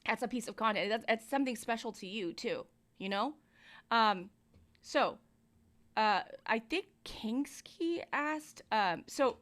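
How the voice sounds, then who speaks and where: A woman's voice: a little high, lively intonation, measured pace, a bit bright. A woman hosting a music review livestream, giving casual, explanatory feedback on vocals and mic technique into a studio mic. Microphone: studio mic, moved near and far.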